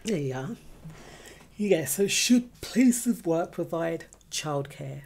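A woman co-hosting a casual chat show, feeling a bit unwell, chatty and quick to laugh. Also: low-pitched, animated, vocal fry, darkish tone. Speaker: podcast co-host.

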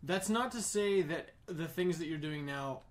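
A man's voice: fairly high pitch, expressive, measured pace. A man running a tabletop game, explaining the rules while thinking aloud. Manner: rambling, thinking aloud with fillers. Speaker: game master.

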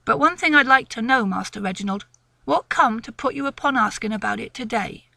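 A woman voicing a gruff, proud old country woodman near eighty, grumbling in rural dialect. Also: a little high, brisk, sharp tone, no echo, full character voice.

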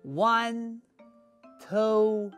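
A performer voicing a sarcastic, easily annoyed kid character in a kids' church skit, grumbling in a dry, deadpan way, with faint music behind. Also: medium pitch, extremely slow, clean tone. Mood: bossy cheerleading.

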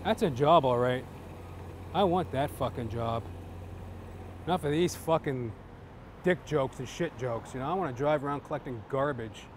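A man's voice: mid-range voice, normal speed, long pauses, a little hiss or hum. A man doing stand-up, telling jokes in a rambling way, with constant "you know" asides. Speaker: stand-up comedian.

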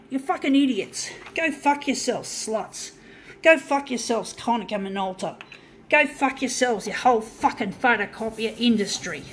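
A woman's voice: a little high, a little hiss or hum, low-quality recording. A woman in a heated, profanity-laden monologue, ranting repetitively to her viewers. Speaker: vlogger. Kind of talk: angry monologue rant.

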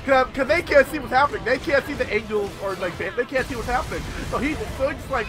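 A young man giving casual, excitable commentary while playing a video game, swearing and repeating lines from the game. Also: very high voice, fast talker, few pauses, music in the background, crowd noise. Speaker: gameplay video host. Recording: loud game soundtrack behind.

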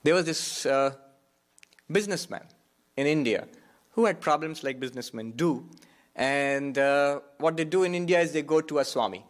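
A monk giving a reflective spiritual talk, repeating key phrases for emphasis. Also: male voice, fairly high pitch, moderate pace. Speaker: monk and Vedanta teacher.

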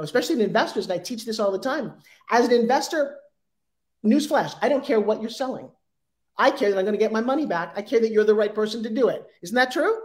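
A woman in her sixties speaking as an interview guest, animated and acting out sales pitches in quoted voices. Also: fast talker. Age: 60s. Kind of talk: energetic interview talk.

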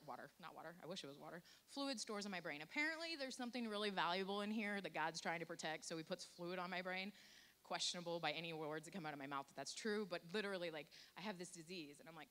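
A woman's voice: sits low, a bit bright. A woman giving a candid, self-deprecating personal testimony to a church congregation, full of jokes. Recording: faint hiss.

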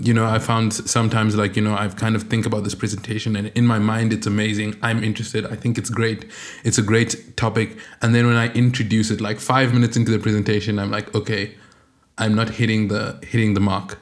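A male podcast host with a somewhat low voice asks his guest a long, searching question. He talks casually, hedging with many fillers. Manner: hedging fillers, frequent backchannel murmurs.

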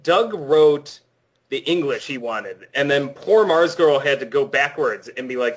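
A man's voice: medium pitch, lively intonation, a little slow. A young man in a casual panel interview, speaking emphatically and with some indignation. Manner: opinionated, emphatic, slightly indignant. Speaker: co-writer interviewed about his film.

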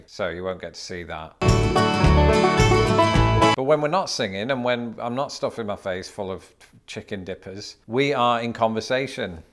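A man's voice: medium pitch, fairly bright tone. A British man hosting a comedic vlog from his home, talking in a playful, wry way and slipping into mock accents. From Britain. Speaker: YouTuber host. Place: home in Illinois.

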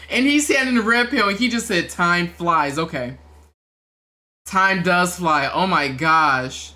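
A host reacting to a movie trailer, shouting and crying out in excitement and talking in casual slang. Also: male voice, high voice, slow pace.

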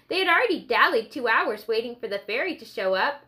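Bright-voiced woman reading a storybook. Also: on the high side, very animated, a little fast. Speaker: audiobook narrator. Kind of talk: scripted storybook narration.

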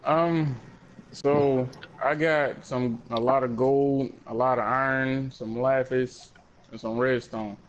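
A man's voice: mid-range voice, steady tone, slow pace, highs cut off. A man playing along in a gaming video, answering in short, laid-back replies. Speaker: co-player. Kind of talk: casual gameplay chat.

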